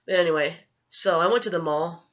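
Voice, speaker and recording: A woman's voice: fairly low pitch, brisk, lo-fi sound. A woman telling a storytime rant as a vlogger, rambling, profane and indignant, with lots of "you know" fillers.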